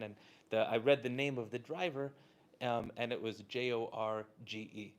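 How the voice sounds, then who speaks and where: A man from Southern California tells a story to a live audience in a loose, conversational way, leaning on "like" and small fillers. His voice sits at an ordinary middle pitch. A light background hiss runs under the recording. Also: moderate pace. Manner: casual, chatty, peppered with "like" and "uh". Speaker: Torah teacher.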